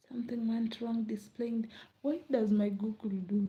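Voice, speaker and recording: A young Kenyan woman with a Kenyan accent chatting casually late at night, rambling and laughing, often dropping to a soft murmur. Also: a little high, fairly even intonation, unhurried, dull audio. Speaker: vlogger.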